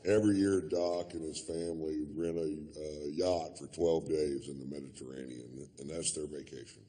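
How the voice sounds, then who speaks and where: A man's voice: extremely low pitch, steady tone, normal speed, warm tone. A man doing stand-up comedy, telling a long story in a laid-back, profane drawl full of fillers.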